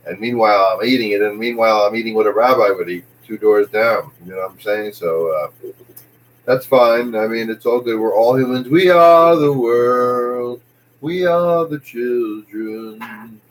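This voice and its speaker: A man's voice: on the low side, steady tone, a little fast, low-quality recording. A man rambling through a jokey comic monologue, jumping from one tangent to the next. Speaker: comedian host.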